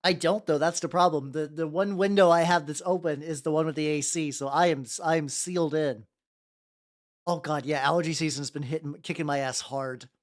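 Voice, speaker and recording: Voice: mid-range voice, fairly even intonation, brisk. A VTuber streamer chatting casually while painting miniatures, rambling and greeting viewers by name with casual swearing. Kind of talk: casual livestream chat.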